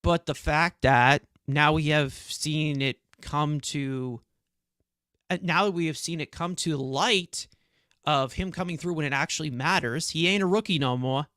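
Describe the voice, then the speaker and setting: A man's voice: a little high, measured pace, a bit bright, dry recording, studio quality. A man with a New York accent co-hosting a sports podcast, ranting and swearing as he airs his frustration. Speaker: podcast co-host. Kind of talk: heated sports reaction talk.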